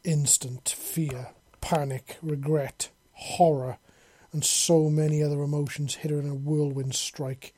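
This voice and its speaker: Audio story narrator, flat delivery, husky, mellow tone, dry close recording. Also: medium pitch, a little slow, no echo. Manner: flat, steady delivery with coarse words.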